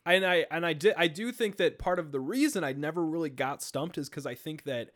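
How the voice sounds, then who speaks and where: A man with a fairly high voice talks in a quick, tumbling rush, retelling things excitedly. He piles on fillers and restarts as he goes, in a loose, casual podcast chat. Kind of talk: casual chat about video games.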